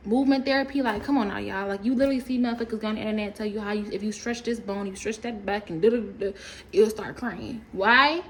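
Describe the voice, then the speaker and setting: A woman ranting casually to camera, animated and profane, rambling with laughs along the way. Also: medium pitch, fast talker, a little hiss or hum, rough recording. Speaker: storytime creator.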